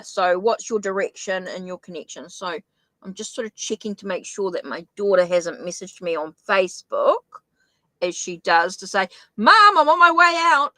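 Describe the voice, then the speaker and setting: A woman's voice: medium pitch, no echo, low-quality recording. A middle-aged woman with a New Zealand accent, chatting her way through a live-streamed tarot reading, thinking aloud with frequent restarts. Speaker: tarot reader.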